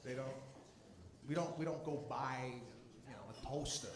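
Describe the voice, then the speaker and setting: A man doing a stand-up comedy set, animated, shouting his punchlines and working the crowd. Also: mid-range voice, normal speed. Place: live comedy stage before an audience. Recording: echoey venue with loud crowd noise.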